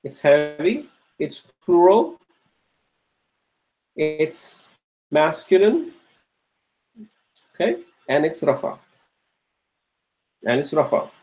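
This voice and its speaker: A male teacher slowly working through grammar exercises in class, repeating each answer and checking in with the students. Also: a little high, sing-song, a little mellow, rough recording. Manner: slow and repetitive, restates each answer; checks in with "okay?" and "right?".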